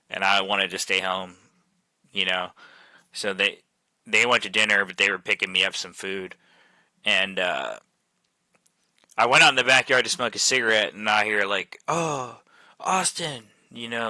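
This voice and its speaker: Speaking into a headset mic with no echo, a man with a lowish voice and sharp tone hosts a voice chat with friends. He's telling them a long story, loose and profane, with plenty of "like" fillers.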